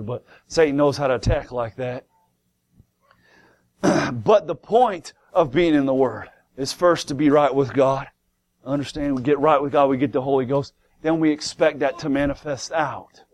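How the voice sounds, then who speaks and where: A man's voice: mid-range voice, normal speed, a little mellow. A man preaching a sermon to a congregation in church, emphatic, asking rhetorical questions and repeating key words.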